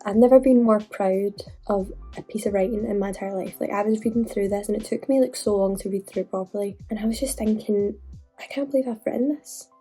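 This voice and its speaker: A woman's voice: medium pitch, steady tone, fast talker, few pauses, warm tone, breathy edge, faint music behind. A woman in her twenties vlogging in a chatty, emotional way, often saying "like". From Scotland. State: hoarse from illness. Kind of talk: casual vlog chat.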